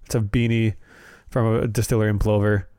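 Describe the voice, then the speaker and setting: A man's voice: fairly low pitch, level tone, brisk, dark tone, clean tone, dry recording. Dry-sounding man co-hosting a podcast. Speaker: podcast co-host. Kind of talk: casual chat.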